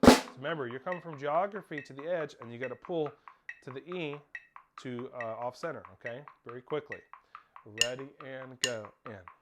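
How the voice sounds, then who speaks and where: A man's voice: medium pitch, fairly quick, heavy background noise. A man teaching a snare drum lesson, counting off and calling out rhythms and stickings. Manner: counts off and calls out rhythms, sometimes shouting over drums. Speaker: percussion teacher. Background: snare drumming.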